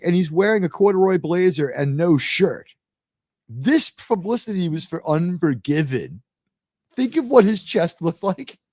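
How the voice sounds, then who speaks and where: An American man hosting a live talk show, telling stories in a rambling, animated way with lots of fillers. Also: high-pitched, no room sound, clean studio sound. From United States. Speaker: host.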